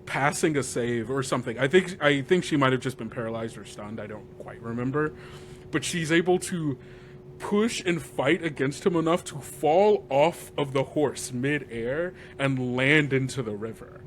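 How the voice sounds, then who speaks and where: A man, a game master guest, retelling a tabletop campaign session in a lively, rambling way, often laughing and filling gaps with "like.". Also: mid-range voice, normal speed, slight background noise. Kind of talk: animated storytelling recap.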